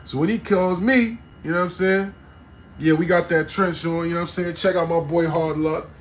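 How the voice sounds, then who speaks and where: A man tells a personal story, tossing in "right?" and "you know what I'm saying" constantly. His voice sits fairly high, and he drops to low asides before jumping up into loud, emphatic bursts. Faint noise hums behind him. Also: fairly even intonation, moderate pace. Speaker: vlogger telling a personal story. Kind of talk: casual storytime monologue.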